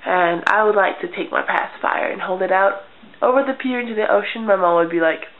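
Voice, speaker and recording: A young woman vlogger telling childhood stories in a casual, deadpan way, acting out little scenes. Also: mid-range voice, a little fast. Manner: chatty, deadpan humor, acts out childhood scenes. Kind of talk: casual storytelling vlog. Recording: tinny lo-fi webcam audio.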